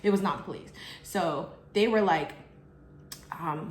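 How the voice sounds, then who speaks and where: A woman telling a personal story while eating, chatty and expressive with lots of fillers. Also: on the low side, unhurried, a little hiss or hum. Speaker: vlogger. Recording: echoey room.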